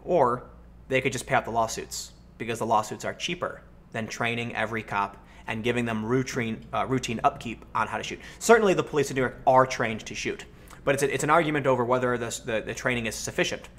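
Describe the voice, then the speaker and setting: An American man hosting a livestream, answering chat questions and telling stories in a casual, animated way. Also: mid-range voice, fast. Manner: animated storytelling, acts out voices in anecdotes. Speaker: livestream host.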